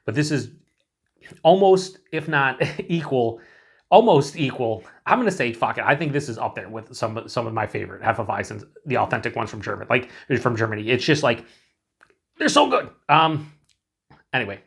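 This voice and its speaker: Casual, swearing American beer reviewer. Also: male voice, mid-range voice, expressive, moderate pace, creaky, a bit bright, husky. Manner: rambling, enthusiastic, swears freely, many fillers.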